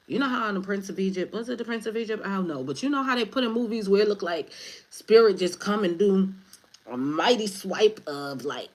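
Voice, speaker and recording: Low-voiced, loose-talking woman tarot reader. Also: poor audio. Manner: loose, rambling, swears casually, laughs at own jokes. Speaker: spiritual advisor, tarot reader. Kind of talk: casual spiritual reading to viewers.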